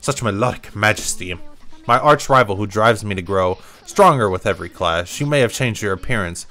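Proud young swordswoman empress, grand and theatrical, read by a man, voice low and bright. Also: lively intonation, fairly quick.

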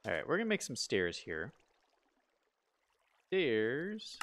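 Talking fast with huge pitch swings, a fairly low-voiced man with a slightly bright tone live-streams a building game, casually chatting, asking himself questions and reading viewer comments aloud. A bit of hiss or hum runs under the recording.

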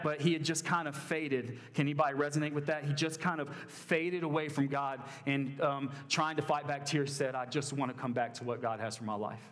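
A man's voice: on the high side, fairly bright tone. A young man preaching a sermon to a college group in a conversational way, with many fillers and restarts. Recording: long hall reverb.

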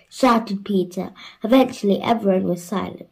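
Slow gentle woman reading a bedtime story. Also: medium pitch, fairly even intonation, husky, poor audio.

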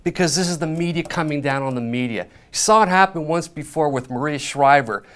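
A man who works as a journalist, making his argument on a panel in a brisk, fluent way. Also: on the high side, fairly bright tone, smooth. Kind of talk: opinionated panel talk.

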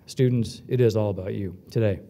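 A man's voice: fairly low pitch, fairly even intonation, a little fast, dark tone, slight background noise. Joking man emceeing in a reverberant hall. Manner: breezy, jokey, self-deprecating. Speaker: event emcee. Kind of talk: joking welcome speech. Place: hotel ballroom.

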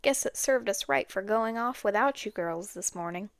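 A woman's voice: mid-range voice, expressive, moderate pace, dry recording, studio quality, close to an everyday voice. A woman voicing a grumbling young man in an audiobook, groaning and complaining.

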